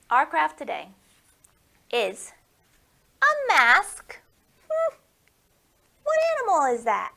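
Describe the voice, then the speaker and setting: Woman librarian for kids' storytime: high, very lively sing-song voice, unhurried, a touch of gravel. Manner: sing-song, playful, coaxing questions to kids. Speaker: children's librarian hosting storytime. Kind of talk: storytime for young children.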